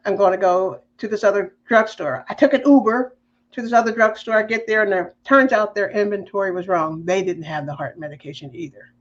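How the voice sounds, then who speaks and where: A woman on a podcast, telling a personal faith story in a lively, emotional way. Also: mid-range voice, fairly quick, lo-fi sound. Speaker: podcast guest.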